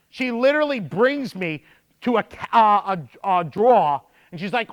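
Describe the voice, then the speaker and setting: A man's voice: high-pitched, moderate pace. A young man giving a motivational speech to a room of students, telling stories with energy and repeating points for emphasis. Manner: energetic storytelling with emphatic repetition. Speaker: speaker addressing students.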